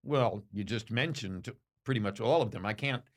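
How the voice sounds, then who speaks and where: An older man, a boxing commentator, answering interview questions with slow, reflective storytelling and emphatic pauses. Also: lowish voice.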